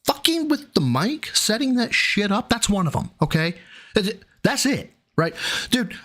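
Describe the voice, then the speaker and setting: A man's voice: high-pitched, big pitch swings, unhurried, sharp tone. A man co-hosting a livestream, ranting and teasing in a profane, exasperated way. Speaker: co-host. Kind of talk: casual livestream banter.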